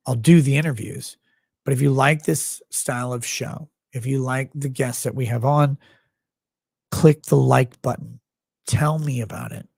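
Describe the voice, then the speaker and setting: A man's voice: mid-range voice, creaky, a little mellow, slightly rough, no room sound, studio quality. A man hosting a livestream, signing off in a blunt, profane, rambling way. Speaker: host. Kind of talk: casual livestream sign-off.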